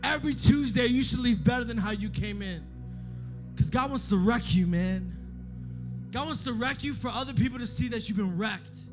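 A man with a very high voice delivers a fervent sermon in casual slang. He repeats his phrases and swings from a hushed plea to a shout. Music plays clearly beneath his words. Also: normal speed. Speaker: youth pastor. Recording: music playing under the voice.

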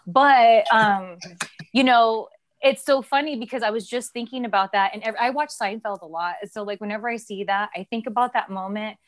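Woman co-host, 30s, ex-wrestler; loose rambling live-stream chat, a touch high, swears freely. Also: a little fast. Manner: chatty, rambling, laughs often, swears.

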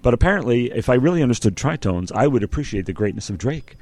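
A man's voice: mid-range voice, animated, fast, darkish tone, dry recording. A man co-hosting a music podcast in a casual, joking, meandering way with lots of fillers. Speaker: podcast co-host. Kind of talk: casual chat.

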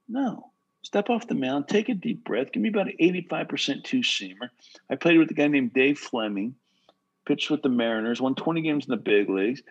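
A man who played pro baseball giving casual, animated advice to pitchers, full of "bro" and "right?". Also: fairly quick, breathy edge, dull audio. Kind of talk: casual coaching talk.

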